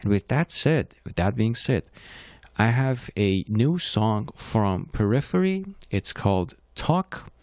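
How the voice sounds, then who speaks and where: A young man with a Persian accent talks casually and in a rambling way, stopping to correct himself as he introduces music. His voice sits fairly low. The sound is dry and close, with no room around it. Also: expressive, slow pace, darkish tone, no room sound. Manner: rambling, self-correcting, conversational. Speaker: playlist host. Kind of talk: casual solo talk.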